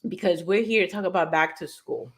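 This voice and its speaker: A middle-aged woman hosting a morning show in energetic, casual chat, talking straight to viewers and her crew. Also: fairly low pitch, a little fast, a little hiss or hum.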